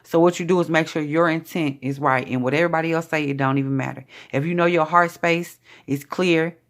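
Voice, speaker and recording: A woman's voice: sits low, fairly even intonation, a little fast. A woman giving a live pick-a-card tarot reading, blunt and sassy with chatty asides. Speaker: tarot reader.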